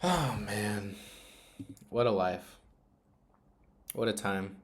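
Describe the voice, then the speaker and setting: A man's voice: fairly low pitch, expressive, very slow. Young man muttering and rambling on a stream. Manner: rambling, profane, emotional self-talk; often drops to a mutter. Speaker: trading livestreamer. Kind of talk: casual live-stream monologue.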